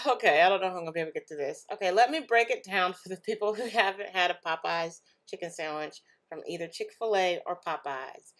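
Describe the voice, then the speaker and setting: A young woman vlogger with a fairly low pitch talks fairly quickly with few pauses. Casually reacting to online posts, she stays animated and often breaks into laughter and exclamations.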